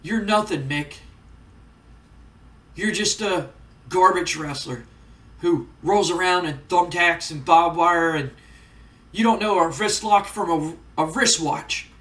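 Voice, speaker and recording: A man's voice: high voice, fairly bright tone, far from the mic. Man doing an arrogant sneering wrestler. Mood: contemptuous. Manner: contemptuous, insulting, halting. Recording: roomy, off-mic.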